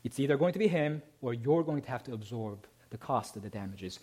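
A man preaching a sermon, who often asks the congregation "right?" and moves between emphatic climbs and soft, low passages. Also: animated, a little fast, few pauses, breathy edge. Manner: rising to emphatic peaks, then dropping soft and low. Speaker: pastor.

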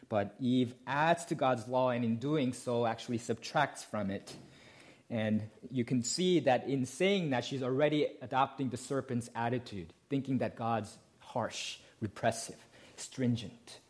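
A man's voice: medium pitch, normal speed, darkish tone. Male pastor, mid-range voice, explanatory sermon delivery with rhetorical questions.

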